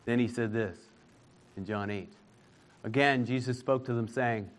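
Slow, emphatic male preacher. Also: mid-range voice. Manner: slow, emphatic, rising to fervent declarations. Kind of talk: sermon.

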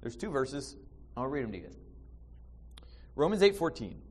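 A man preaching a sermon in church, animated, with restarts and sudden bursts of loud emphasis. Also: mid-range voice, moderate pace, a little hiss or hum. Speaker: pastor.

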